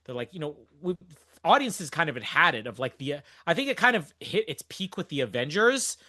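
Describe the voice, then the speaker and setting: This podcast host, a young man, is very animated as he chats through a movie recap, laughing often and rambling. He talks briskly at a fairly high pitch with a sharp tone, in studio-quality audio without room sound.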